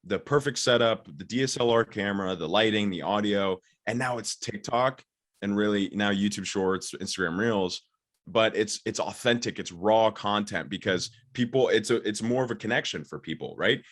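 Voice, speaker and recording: A man's voice: lowish voice, fairly bright tone. A young man, a social media expert, explaining his ideas eagerly in a casual interview over a call, with many fillers. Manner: eager, fast, filler-heavy.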